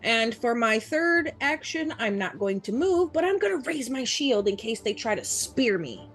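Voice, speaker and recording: A woman's voice: fairly high pitch, very animated, moderate pace, fairly bright tone, faint music behind. A woman playing a tabletop game, explaining her character's actions step by step. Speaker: player.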